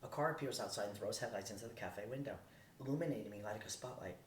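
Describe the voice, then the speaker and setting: Man reading a novel in a roomy space. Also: quick pace. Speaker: audiobook reader. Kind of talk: reading a first-person novel aloud. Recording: roomy distant recording, faint rumble.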